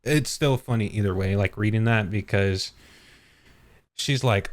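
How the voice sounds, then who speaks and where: A man hosting a podcast in a casual chat, animated and acting out characters' lines in quick bursts. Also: fairly low pitch. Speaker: podcast host.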